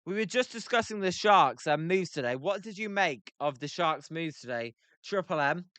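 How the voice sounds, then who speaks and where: A young British man with a British accent calling a baseball game on a livestream, reading chat aloud between pitches with lots of filler words. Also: lively intonation, normal speed, a bit bright, clean tone, no echo. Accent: British English. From Britain. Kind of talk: casual play-by-play livestream commentary.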